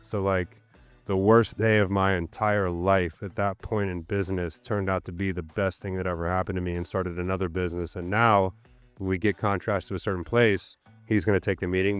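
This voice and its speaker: A man's voice: low-pitched, smooth, no echo. A man in his thirties, a podcast guest, telling a candid personal story in casual interview talk with lots of "so, like". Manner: candid, animated storyteller with fillers like "so, like". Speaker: podcast guest, gym owner.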